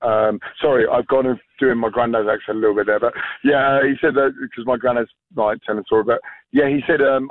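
A man's voice: mid-range voice, fairly even intonation, brisk, no echo. Irish man in his thirties phoning in to radio, rambling delivery, phone-quality sound. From Ireland. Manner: rambling, many fillers. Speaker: caller. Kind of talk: phone-in anecdote. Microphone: phone line. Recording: tinny phone line.

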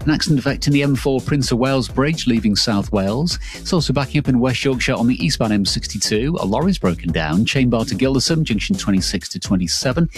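A man reading a radio traffic bulletin in a brisk, clipped manner. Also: medium pitch, animated. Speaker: traffic announcer.

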